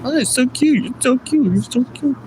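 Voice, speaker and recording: Mock-gushing woman, high drawn-out falsetto coo, man doing the voice, noisy vehicle recording. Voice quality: shrill falsetto, slow drawn-out cooing. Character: gushing cooing woman fawning over a dog.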